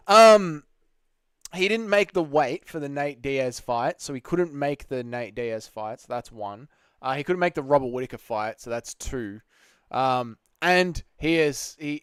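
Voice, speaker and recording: A man's voice: medium pitch, clean tone, no room sound. Chatty man arguing with his live chat. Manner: reads chat comments aloud and argues back. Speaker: livestream host answering chat.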